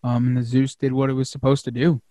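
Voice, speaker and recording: A man hosting a casual hunting podcast, talking excitedly with lots of fillers and the odd curse word. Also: medium pitch, fast talker, no room sound, studio quality. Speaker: podcast host.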